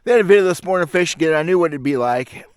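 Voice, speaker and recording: A man's voice: fairly high pitch, expressive, very fast, clear, resonant tone, dry recording, clean studio sound. A middle-aged man, rambling frankly and grumbling to camera outdoors in the woods. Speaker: fishing channel host. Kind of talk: casual rambling monologue to camera. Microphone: camera mic.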